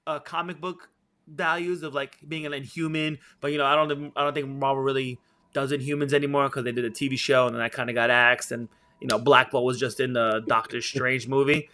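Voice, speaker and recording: A man's voice: medium pitch, level tone, fairly quick, pushed and bright. A man co-hosting a podcast, talking casually and rambling with plenty of fillers. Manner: rambling, many fillers like "you know". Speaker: podcast co-host. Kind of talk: casual chat.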